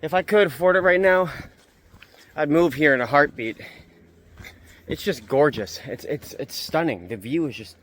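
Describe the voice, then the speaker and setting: A young man vlogging as he hikes up a mountain trail. He is out of breath and chatty, and he repeats himself when something excites him. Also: fairly high pitch, moderate pace, pauses often. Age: young adult. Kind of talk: casual hiking vlog.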